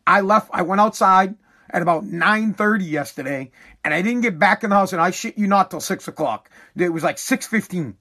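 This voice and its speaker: High-voiced, exasperated New man ranting. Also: brisk, pushed and bright. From New England. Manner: exasperated, profane, emphatic ranting. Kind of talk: casual ranting monologue.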